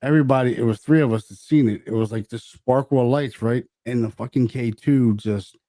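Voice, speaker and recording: A man co-hosting a podcast, telling stories in animated, profane casual chat. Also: mid-range voice, brisk, no room sound. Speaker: podcast co-host.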